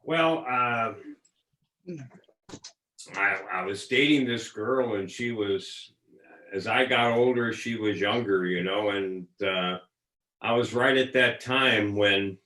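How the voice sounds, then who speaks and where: A man in his seventies, a guest, telling a story slowly and reflectively, with some hesitation. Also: fairly low pitch, bright, forceful tone, roomy sound, rough recording. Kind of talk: casual storytelling.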